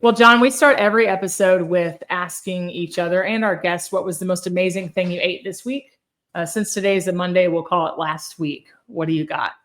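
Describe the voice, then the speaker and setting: Lady podcast host, kinda low voice, chatty and laughy, casual food talk. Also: brisk. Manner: chatty, laughing, animated storyteller. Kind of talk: casual chat.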